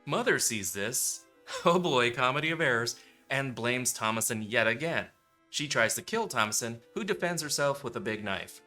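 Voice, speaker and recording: A man's voice: mid-range voice, animated, moderate pace, bright, forceful tone, faint music behind. A man reviewing a movie in a wisecracking, sarcastic way, acting out lines for laughs. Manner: wisecracking, sarcastic, acts out quotes. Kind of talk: comedic movie review commentary.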